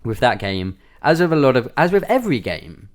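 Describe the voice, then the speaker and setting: A podcast co-host chats casually, rambling along with plenty of fillers. His mid-range voice has a sing-song quality and moves a little fast.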